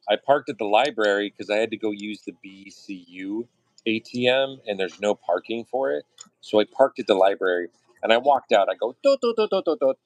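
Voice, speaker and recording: A man streaming his art while telling casual, profane stories, often jumping into high mock voices and bits of song. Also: normal speed, no room sound, poor audio. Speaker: artist streaming his work. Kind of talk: casual storytelling chat.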